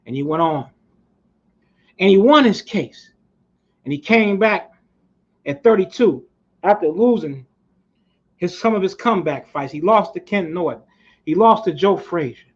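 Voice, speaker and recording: A man's voice: sits high, animated, moderate pace, pauses often. A man giving a fiery, preachy motivational speech, swearing now and then for emphasis. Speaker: speaker at a community society. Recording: muffled lo-fi recording.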